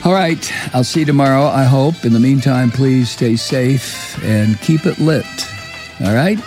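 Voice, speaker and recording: A man's voice: medium pitch, a little slow, a little mellow, soft background music. A man hosting a talk show, delivering angry, profane, sneering political commentary. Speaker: radio talk host.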